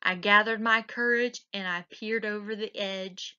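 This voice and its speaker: A woman teacher reads a children's picture book aloud, slowly and expressively. Her voice is bright and forward, and it is heard through a dull, lo-fi recording. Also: medium pitch, clean tone. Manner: slow and expressive.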